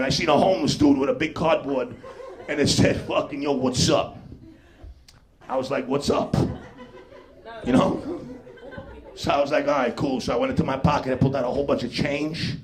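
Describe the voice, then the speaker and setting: A man's voice: mid-range voice, fairly even intonation, a little fast. A man doing a brash, profane live stand-up set in a comedy club. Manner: brash, profane street-talk delivery with put-on voices. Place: comedy club stage with laughing audience.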